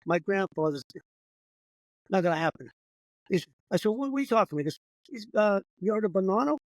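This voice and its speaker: An older man with a fairly high voice tells a long, profanity-laced story in a rambling, animated way. The sound is dry and close, with no room around it. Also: a little fast, dry recording, rough recording. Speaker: comedian guest. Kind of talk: casual storytelling.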